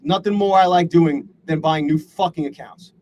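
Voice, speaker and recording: A man with a high-pitched voice hosts a live trading stream and talks to his viewers as he trades. His delivery is a profane, exasperated rant, full of swearing. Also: moderate pace, darkish tone, lo-fi sound, slight background noise. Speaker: livestream host and day trader. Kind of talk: live trading commentary to chat.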